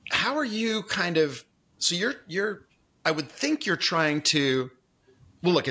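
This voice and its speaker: A man's voice: medium pitch, sharp tone. A man hosting an interview podcast, chatting casually and thinking aloud with frequent restarts. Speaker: podcast host interviewing a guest.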